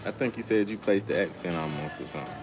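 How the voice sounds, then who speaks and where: His voice is low-pitched, expressive and quick as the young host of a casual outdoor livestream chats with viewers and tells stories in loose slang. Music blares loudly behind him.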